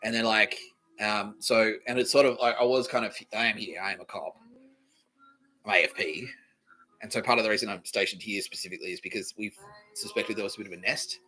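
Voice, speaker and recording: A man's voice: lowish voice, fairly quick, poor audio. A man hosting a podcast, telling a rambling comedic story full of swearing and acted-out quotes. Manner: swearing, animated, acts out quoted voices. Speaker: podcast host.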